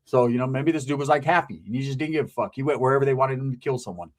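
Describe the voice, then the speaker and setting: A man's voice: mid-range voice, racing, few pauses. A man telling a rambling, profane story in a casual talk-show chat, laughing at his own tale.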